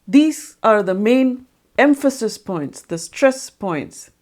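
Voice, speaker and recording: A woman's voice: on the high side, expressive, slow pace, darkish tone. A woman narrating an educational video on music and breaking down how melodies are recognized. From India. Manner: explanatory, sings short sung examples. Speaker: music explainer.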